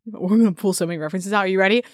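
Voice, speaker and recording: A woman's voice: medium pitch, rapid-fire, dry recording. Woman podcast co-host, laughs a lot, playful riffing, dry sound. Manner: giggly, playful, rambling. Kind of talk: casual chat.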